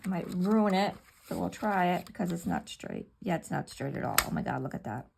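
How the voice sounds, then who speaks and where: A middle-aged woman chats casually and mutters to herself while working on a paper craft at home. Her voice is fairly low, sing-song and creaky, fairly quick, with background noise present.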